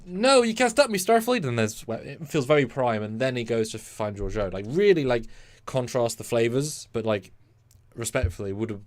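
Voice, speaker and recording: A British man co-hosting a casual live stream, talking in animated bursts and acting out little scenes. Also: lowish voice. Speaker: co-host.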